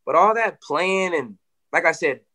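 A man, a fighter, telling stories in a casual interview, animated, full of "you know" and swearing. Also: on the high side, measured pace.

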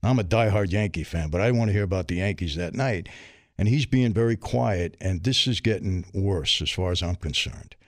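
Middle-aged New man, low voice, streetwise storyteller, dry studio sound. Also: brisk, dry recording. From New York. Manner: streetwise, vivid, acts out dialogue. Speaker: interview guest. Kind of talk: candid storytelling.

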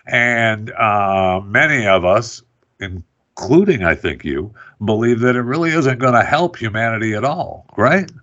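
A man's voice: on the low side, animated, measured pace, sharp tone, dull audio. A man hosting a radio talk show, interviewing an author in a loose, rambling way with many fillers and restarts. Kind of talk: casual interview chat.

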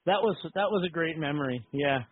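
A man's voice: a little high, a little fast, dry recording. A man hosting a wrestling call-in podcast, chatting casually and joking with his co-host and callers. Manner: jokey, upbeat banter. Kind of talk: casual call-in show chat. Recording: tinny phone-like sound.

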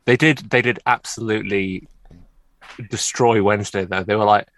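A man's voice: fairly low pitch, fairly even intonation, moderate pace, a bit bright. A man co-hosting a football podcast, wry and opinionated. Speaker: podcast co-host. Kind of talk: casual football podcast chat.

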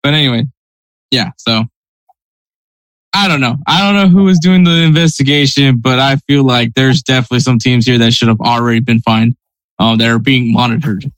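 A man's voice: medium pitch, fairly even intonation, fairly quick, fairly bright tone, dry recording, rough recording. A man hosting a podcast, talking through news headlines in a conversational, hedging way. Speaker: podcast host.

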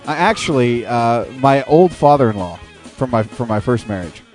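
A man's voice: medium pitch, lively intonation, normal speed, a little mellow, soft background music. An American man hosting an internet radio talk show, laid-back and chuckling as he banters.

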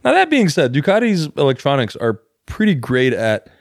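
A man co-hosting a podcast, trading quick wisecracks and joking asides. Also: on the high side, huge pitch swings, gravelly, dry recording, studio quality. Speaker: podcast co-host. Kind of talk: casual banter.

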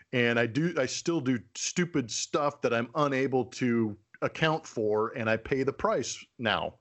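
A middle-aged man, co-hosting a podcast in casual chat, self-deprecating and quick to laugh. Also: medium pitch. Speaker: podcast co-host.

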